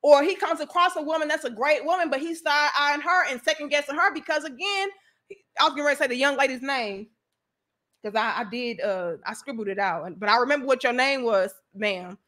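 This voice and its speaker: Bright high-voiced outspoken woman streamer. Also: a little fast. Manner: animated, outspoken, slangy. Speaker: live stream host. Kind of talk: casual live stream chat reading donations.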